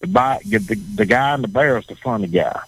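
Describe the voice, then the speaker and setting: A man's voice: mid-range voice, big pitch swings, fast talker, creaky, slightly rough, poor audio. A man with a Southern accent, a former bull rider talking as a guest on a talk show, blunt and profane, often repeating himself. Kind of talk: casual talk show chat.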